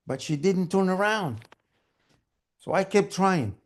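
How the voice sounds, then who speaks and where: Guy storyteller, unhurried, animated, buzzes like a sewing machine, kinda high voice. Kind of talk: live storytelling. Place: storytelling event, online gallery view.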